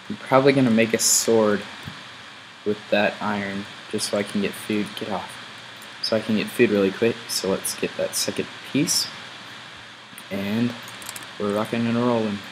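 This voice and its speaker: A man's voice: fairly low pitch, background noise. A man casually commenting while he plays a game, thinking aloud as he goes. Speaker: gameplay video host.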